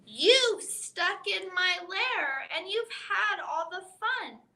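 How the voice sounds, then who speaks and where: A woman's voice: very high voice, expressive, slow, pushed and bright, pitched above the performer's own voice, exaggerated voice. A woman voicing a big grumpy bear in a picture book read-aloud, with a whiny, complaining voice. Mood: whining.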